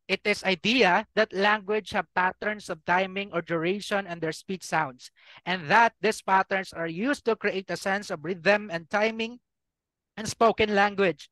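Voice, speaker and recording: A man's voice: high-pitched, sharp tone, dry recording, poor audio. A man with a Filipino accent teaching an online review class for an exam, quizzing his students and switching between Tagalog and English.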